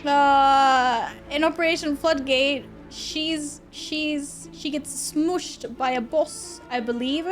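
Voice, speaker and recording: High-pitched woman streamer, chatty and expressive, faint game music under her. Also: takes it slowly, few pauses. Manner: chatty, reacts to chat and thanks tippers; expressive, often laughing. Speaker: livestreamer. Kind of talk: casual live-stream chat with viewers.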